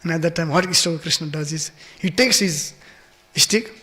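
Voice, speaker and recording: High-voiced man telling a devotional story. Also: normal speed, bright, forceful tone. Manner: storytelling, many fillers, acts out voices. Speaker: temple speaker giving a scripture class. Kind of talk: devotional scripture class. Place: large temple hall. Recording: reverberant temple hall.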